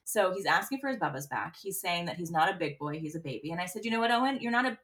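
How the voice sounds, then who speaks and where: Candid, rambling podcast mom. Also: female voice, fairly low pitch, lively intonation, racing, a bit bright. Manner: candid, rambling storytelling with swearing. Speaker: podcast co-host. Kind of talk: casual chat.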